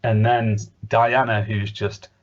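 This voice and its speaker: A man's voice: on the low side, level tone, takes it slowly. A man co-hosting a podcast, chatting casually with a rambling, hesitant manner full of fillers. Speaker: podcast co-host. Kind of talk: casual chat reviewing a cartoon. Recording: dull lo-fi podcast audio.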